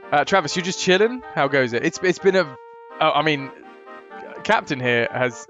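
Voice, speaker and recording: A man's voice: a little high, fairly bright tone, lo-fi sound. A man chatting casually and rambling on his live stream from a hotel room. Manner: chatty, rambling, laid-back.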